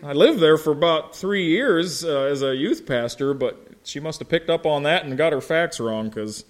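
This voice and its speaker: A man from Ohio, a pastor with a slow drawl, preaching a sermon and telling folksy stories while quizzing his congregation. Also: on the high side, lively intonation. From Ohio, United States. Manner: folksy storytelling, asks the congregation questions.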